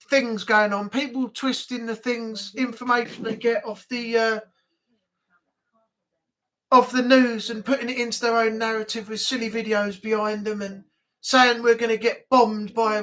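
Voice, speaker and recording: A man's voice: very high voice, a bit bright. A man hosting a casual live chat stream from home, chatty and grumbling, swearing now and then.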